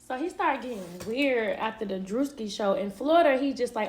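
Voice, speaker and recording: A woman's voice: fairly high pitch, moderate pace, a little mellow. A young woman telling a personal story in a casual, candid way, swearing and laughing easily.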